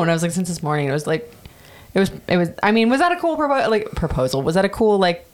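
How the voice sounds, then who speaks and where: A woman's voice: on the low side, expressive, very fast, darkish tone. A woman in her thirties casually telling a personal story on a podcast, chatty and profane with many fillers. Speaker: podcast host.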